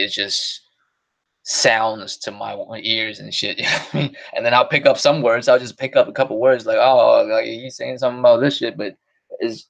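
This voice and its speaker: A man's voice: medium pitch, gravelly. A man hosting a podcast stream, chatting casually in a rambling, profane way and laughing often. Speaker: podcast host. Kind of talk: casual solo stream chat.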